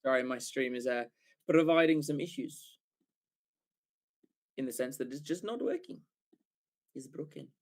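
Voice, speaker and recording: A man giving live fan commentary for a watchalong stream, excitable, swearing casually and often correcting himself mid-call. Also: mid-range voice, unhurried, long pauses.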